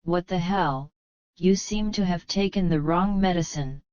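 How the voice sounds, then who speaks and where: Brief: weepy young heroine in a storybook, voiced by a woman. Low-pitched, unhurried, slightly muffled. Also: a little mellow, clear, resonant tone, no room sound, close to an everyday voice. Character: tearful, lonely young heroine.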